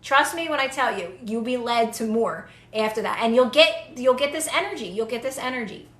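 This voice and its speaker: A woman's voice: on the high side, animated, fairly quick, echoey room. A young woman giving casual, earnest manifestation advice to viewers on a live stream, repeating phrases for emphasis.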